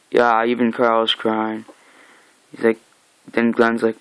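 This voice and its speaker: A man recapping a comic book in casual talk, reading its lines aloud in an animated way. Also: mid-range voice, a little slow, smooth, dry recording, low-quality recording. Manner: animated, acts out lines with mock shouts.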